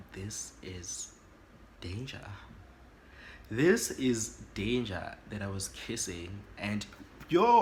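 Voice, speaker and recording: South african guy doing a storytime vlog, dramatic and animated, faint hiss behind. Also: lowish voice. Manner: animated and dramatic, switches languages. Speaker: YouTuber.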